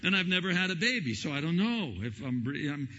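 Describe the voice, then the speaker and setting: A man preaching a sermon as pastor, telling stories and acting out the quotes with lively energy. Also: fairly high pitch, brisk, slight background noise. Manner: animated storytelling, acting out quotes. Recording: lo-fi recording in a reverberant hall.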